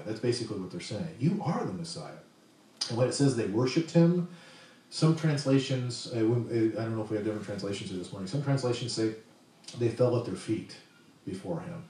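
A man's voice: mid-range voice, darkish tone, heavy reverb, recorded from a distance, rough recording. A man preaching a sermon in a conversational way, asking the congregation questions as he goes. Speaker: pastor.

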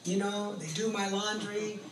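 A man's voice: sits high, monotone, unhurried. A man casually telling his own life story, animating the voices of others in it. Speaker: guest sharing his testimony. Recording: echoey room, mic at a distance, faint background noise.

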